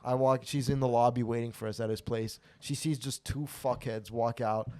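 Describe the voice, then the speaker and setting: A man's voice: medium pitch, fairly even intonation, moderate pace, warm tone. A man co-hosting a podcast, telling a profane, rambling, self-mocking story in casual chat. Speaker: podcast co-host.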